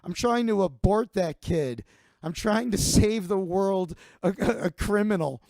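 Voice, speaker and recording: A man's voice: high-pitched, measured pace, creaky, darkish tone, no echo, studio quality, voice pushed up. A man playing a crude, rowdy bar regular who banters in a mocking way.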